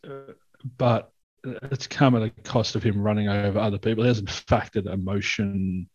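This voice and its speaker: A man's voice: on the low side, steady tone, normal speed, darkish tone. A man, a workshop facilitator, telling stories in a reflective, conversational way and acting out what people said. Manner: reflective, acts out quoted speech in stories. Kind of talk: conversational storytelling. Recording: dull lo-fi sound.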